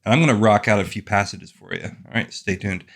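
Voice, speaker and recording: A man's voice: on the low side, a little fast, creaky. A man hosting his own fantasy fiction channel, talking casually and wandering off on self-deprecating, wry asides. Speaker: author and fantasy channel host. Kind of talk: casual talking-head monologue.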